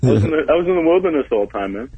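A man's voice: on the high side, lively intonation, rapid-fire, mellow, slightly rough, dry recording. A man calling in to a podcast, chatting in a laid-back way. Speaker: caller. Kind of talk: casual phone chat. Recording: tinny phone line.

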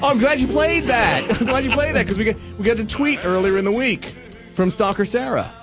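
A man's voice: extremely high pitch, a little fast, fairly bright tone, soft background music. A man co-hosting a live comedy radio show, teasing his co-host and callers and laughing often. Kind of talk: casual comedy radio banter. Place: live comedy theater broadcast.

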